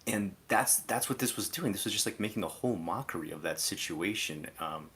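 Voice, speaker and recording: Deep-voiced man ranting on a livestream. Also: animated, brisk, a bit bright. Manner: exasperated, critical rant full of "like" fillers. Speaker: live streamer. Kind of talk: casual live commentary.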